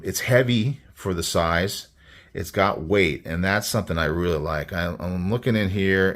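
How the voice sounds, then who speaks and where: Man, deep voice, relaxed and rambling, casual product review host. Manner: rambling, easygoing, enthusiastic. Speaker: knife reviewer.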